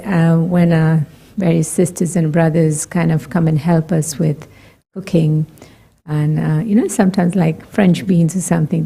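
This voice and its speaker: A woman from India giving a gentle, conversational talk to a group, asking reflective questions and laughing lightly. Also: fairly low pitch, creaky. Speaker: meditation talk speaker.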